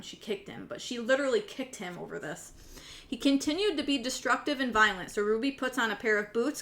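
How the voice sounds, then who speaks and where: A woman's voice: medium pitch, a bit bright. A woman giving casual commentary on a case in a conversational way, with many fillers and a tone of disbelief. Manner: conversational, frequent "like" fillers, incredulous. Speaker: commentary youtuber.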